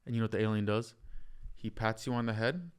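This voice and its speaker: A man hosting a podcast, telling an animated, joking story in casual conversation. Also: fairly low pitch, fast talker, smooth. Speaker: podcast host.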